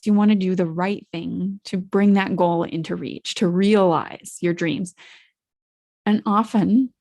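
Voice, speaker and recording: A woman's voice: lowish voice, steady tone, a little slow, warm tone. A woman hosting her own podcast in a solo monologue, reflective and asking the listeners questions. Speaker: podcast host.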